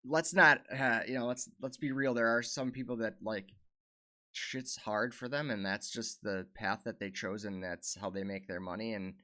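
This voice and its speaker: Male podcast host, lower pitch, laid-back conversational delivery. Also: fairly even intonation, normal speed, pushed and bright. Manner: easygoing, hedging with "you know" and "like". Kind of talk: casual podcast chat.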